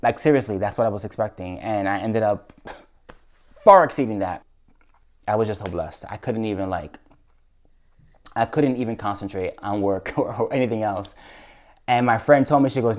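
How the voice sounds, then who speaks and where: A man's voice: lowish voice, moderate pace, long pauses, a little mellow. A YouTuber man earnestly telling a heartfelt personal story in a vlog, with frequent restarts.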